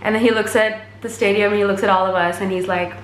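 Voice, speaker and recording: A woman's voice: mid-range voice, fairly even intonation, fast, reverberant, slight background noise. A woman vlogger retelling a concert in a gushing, chatty way, full of fillers. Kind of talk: casual storytelling to camera.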